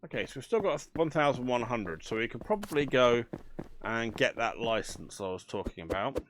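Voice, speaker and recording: A man's voice: medium pitch, animated, moderate pace, noisy background. A man chatting casually as he plays a management game, thinking aloud with dry banter. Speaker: gaming channel host. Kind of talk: casual let's play commentary.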